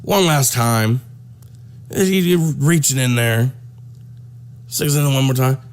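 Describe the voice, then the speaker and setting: A man telling a crude comic story, animated and profane, often repeating himself. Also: medium pitch, slow. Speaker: comedic storyteller.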